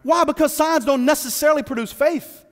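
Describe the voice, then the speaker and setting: A man preaching a sermon as pastor, animated and playful, slipping into casual voiced asides. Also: very high voice, brisk, long reverb tail. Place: church sanctuary.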